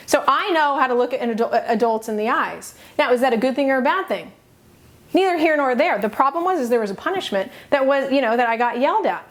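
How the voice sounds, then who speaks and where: A middle-aged woman with a slightly high voice gives a motivational teaching talk. She speaks earnestly and with emphasis. She pauses between her short phrases. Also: animated. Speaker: self-help coach.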